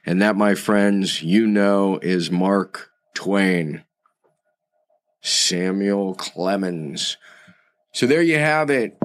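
Male course instructor, unhurried reflective delivery, lowish voice, dry studio feel. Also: no room sound. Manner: unhurried, reflective, fond of quotes. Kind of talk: recorded course lesson.

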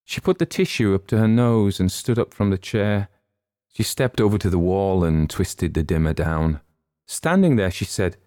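A man narrating a dark first-person story and chatting as podcast host, earnest and halting with small stammers. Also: sits low, vocal fry, no echo, clean studio sound.

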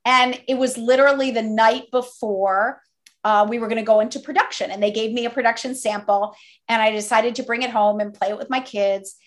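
A middle-aged woman with a slightly high voice tells stories as an interview guest. She speaks with animated, enthusiastic energy. She keeps the anecdotes flowing as she talks through them. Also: fairly quick. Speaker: guest, toy company co-founder. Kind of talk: interview storytelling.

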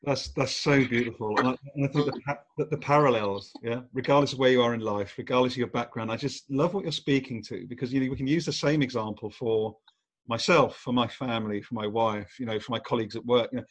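A man's voice: medium pitch, fast talker. A man hosting a podcast interview, enthusiastic and restarting his sentences as he asks questions. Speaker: podcast host. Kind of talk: casual interview chat.

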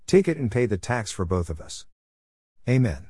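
A man reading scripture aloud in a measured way, announcing each verse number. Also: on the low side, sing-song, darkish tone, breathy edge, dry recording, studio quality. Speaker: Bible reader.

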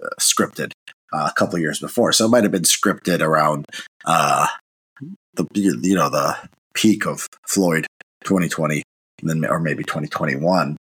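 A man's voice: a bass voice, moderate pace, a bit bright, breathy edge, no echo. A man with a sick-sounding voice, talking in a casual, hesitant monologue as a commentator, with many restarts and fillers. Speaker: political commentator.

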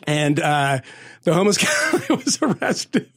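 A man with a fairly high, husky voice. He is a podcast co-host who tells stories in casual chat, animated and profane, often laughing through them. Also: unhurried.

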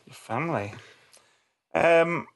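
A man's voice: a little high, lively intonation, slow pace. A man in his thirties co-hosting a casual podcast chat, joking and laughing often. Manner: jokey, laughs often, repeats phrases. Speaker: podcast co-host.

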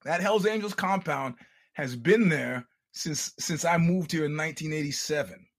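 An older man hosting a podcast, telling stories in a casual, animated, profane way with laughing asides. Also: on the high side, normal speed. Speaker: podcast host. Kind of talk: casual storytelling monologue.

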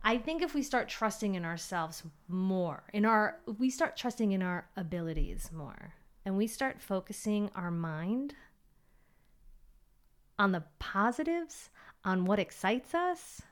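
A woman who is a personal trainer hosts her own podcast solo, chatty and upbeat, acting out her inner voices as she talks. Her voice is mid-range with lively intonation and a slightly slow pace.

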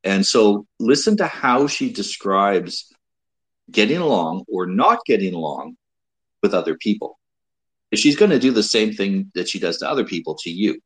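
A man hosting a casual advice talk, speaking in a measured way with frequent restarts and repeated words. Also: on the low side, slightly rough, low-quality recording. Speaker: host giving dating advice.

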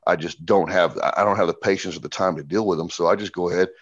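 Middle-aged guy on a podcast, blunt and cussing, low voice, muffled lo-fi sound. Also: fast talker. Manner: blunt, profane, animated storyteller. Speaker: guest. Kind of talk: casual podcast conversation.

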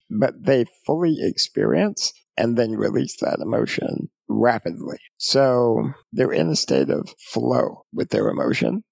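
Serious man with a gravelly voice. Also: mid-range voice, no echo. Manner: serious, measured, quiet. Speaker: guest. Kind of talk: conversational interview.

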